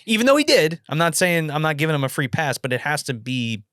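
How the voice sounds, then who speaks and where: Animated, profane film-chat man. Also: a little high, fast, no echo, clean studio sound. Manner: animated, profane, retells scenes. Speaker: film podcast co-host. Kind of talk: casual film review chat.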